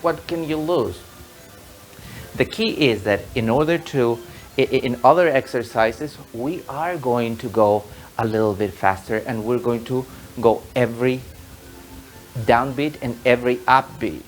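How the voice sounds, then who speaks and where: A man's voice: mid-range voice, unhurried, soft background music, poor audio. A man teaching an online tango lesson, patiently explaining and counting the rhythm aloud in a sing-song way.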